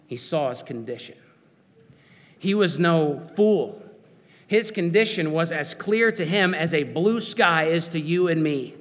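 A man's voice: on the high side, fairly bright tone, in a large hall. A man preaching a sermon, earnest and searching, putting questions to his listeners.

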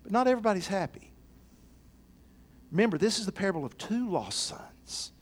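A male pastor preaching a sermon, dropping to quiet low passages and rising to loud, excited, shouted ones, acting out the people in the parables. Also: fairly quick.

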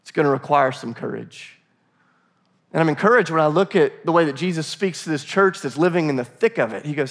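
Pastor, American man, slightly high voice, conversational sermon with acted dialogue. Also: lively intonation, fairly quick. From United States. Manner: conversational, laughing asides, acts out dialogue.

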